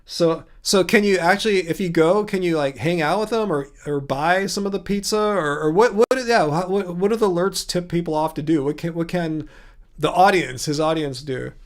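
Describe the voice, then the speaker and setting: A man with a fairly high voice hosts a relaxed livestream, chatting through viewer comments. He rambles, circles back on himself and restarts often, with small chuckles along the way. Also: normal speed. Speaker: livestream host. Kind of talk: casual livestream chat answering viewer comments.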